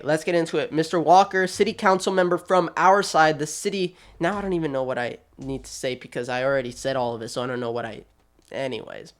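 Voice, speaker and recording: A man hosting his channel, giving quick, chatty, animated commentary with a sassy streak, talking straight at the people he discusses. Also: fairly high pitch. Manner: quick, chatty, restarts often. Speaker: channel host. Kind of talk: casual video commentary.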